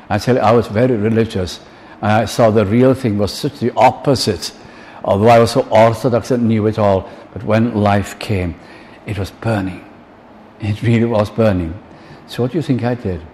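A man's voice: lowish voice, a little mellow, slight background noise. An older man preaching a sermon, earnest, quoting hymn lines and acting out little dialogues. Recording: long reverb in a large hall, faint ambience.

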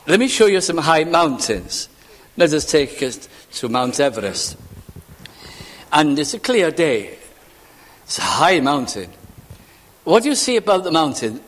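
A man's voice: fairly high pitch, big pitch swings, unhurried, pauses often, fairly bright tone. A man preaching a sermon, asking rhetorical questions and building to fervent emphasis. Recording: reverberant hall sound.

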